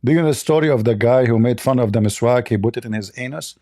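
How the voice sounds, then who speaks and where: A man's voice: mid-range voice, quick pace, dark tone. Mocking, combative man hosting a call-in debate. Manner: mocking, combative, laughs at callers. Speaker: host of a call-in debate stream. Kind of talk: live call-in religious debate.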